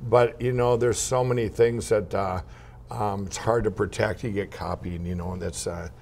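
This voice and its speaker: A man from Minnesota, a guest in an interview, telling rambling, animated anecdotes full of restarts and laughs. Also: fairly low pitch, moderate pace, a little hiss or hum. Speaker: guest entrepreneur. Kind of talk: casual interview storytelling.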